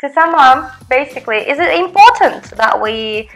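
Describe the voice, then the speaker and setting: A woman hosts in a bubbly, giggly way, speaking English with Russian as her first language. Her voice sits fairly high. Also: expressive, normal speed, fairly bright tone, soft background music, low-quality recording. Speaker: host. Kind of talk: casual chat.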